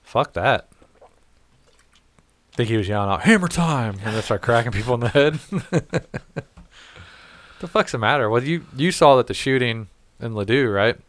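A man's voice: mid-range voice, lively intonation, normal speed, pauses often, a bit bright. A man from the St. Louis area talking bluntly in a casual podcast chat, swearing and laughing often. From St. Louis area, United States.

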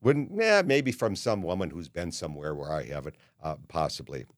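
A man's voice: sits low, expressive, normal speed, dry recording. Older man, seventies, podcast host, blunt rant, dry close sound. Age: 70s. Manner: ranting, blunt, many fillers and restarts. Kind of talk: opinionated monologue.

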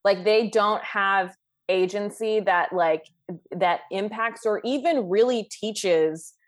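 A woman in a casual podcast discussion, talking in an animated way with many fillers and laughing asides. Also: mid-range voice, takes it slowly.

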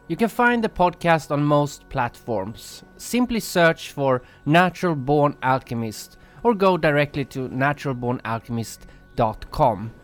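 A man reading a scripted promo for his own podcast. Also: mid-range voice. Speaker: podcast host.

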